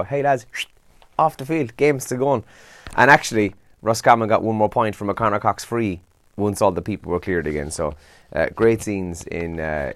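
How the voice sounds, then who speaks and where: A young Irish man runs through the morning papers and trends on his breakfast show in a chatty, slightly worn-out way. His voice sits a bit low, and the sound is close and dry. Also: a bit bright, no echo. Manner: chatty, tired and yawning, says lads. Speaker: radio breakfast show host. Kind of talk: casual newspaper and trends roundup.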